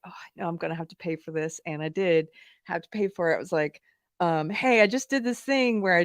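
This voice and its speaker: A woman hosting a live talk show, telling a personal story in a candid, animated way with fillers and laughs, at times close to tears. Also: medium pitch, clear, resonant tone, dry recording. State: emotional, near tears. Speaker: podcast host. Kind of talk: live-streamed commentary, personal anecdote.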